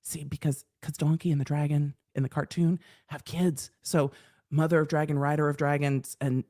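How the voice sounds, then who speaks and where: Middle-aged woman lawyer hosting a live stream; loose, chatty, animated, swears casually. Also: sits low, moderate pace.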